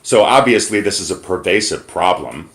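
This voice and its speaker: American man, very low voice, indignant phone complaint, emphatic. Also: lively intonation, a bit bright. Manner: indignant, emphatic, pauses to pick words. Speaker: caller reporting to corporate. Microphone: phone call recording.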